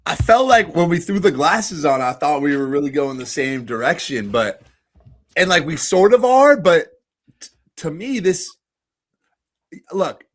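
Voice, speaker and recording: Male co-host, slightly high voice with lively swings, easygoing and halting, chuckles between points. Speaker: podcast co-host. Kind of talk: casual TV recap chat.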